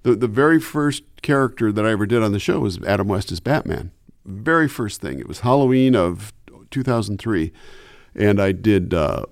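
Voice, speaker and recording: Lively, chatty male radio announcer. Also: fairly low pitch, moderate pace, dry recording, studio quality. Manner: animated, chatty, slips into voices. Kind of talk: casual interview chat.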